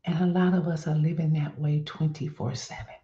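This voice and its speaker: A woman hosting a faith-based wellness stream, talking straight to her viewers and coaching them through an exercise in a lively, animated way. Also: low voice, fairly quick, echoey room, highs cut off. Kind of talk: live-stream coaching talk.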